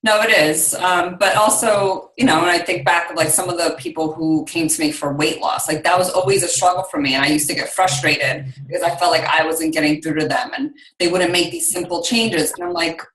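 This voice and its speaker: A woman's voice: lowish voice, fairly even intonation, brisk, hardly any pauses, a bit bright, reverberant, poor audio. A woman health coach in a casual chat, hesitant and thoughtful as she talks. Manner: hesitant, many fillers and restarts.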